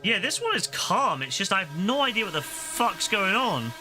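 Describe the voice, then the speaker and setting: A man's voice: sits high, big pitch swings, moderate pace, over music. A young man chatting casually into a headset while streaming a game, swearing freely and using lots of fillers. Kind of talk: casual gaming stream commentary.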